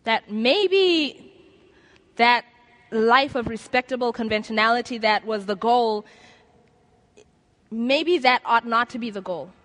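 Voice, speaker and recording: A woman's voice: on the high side, takes it slowly, long pauses, fairly bright tone. A woman preaching a sermon to a gathered audience, earnest and conversational, acting out inner voices as she makes an appeal. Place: lecture room before an audience.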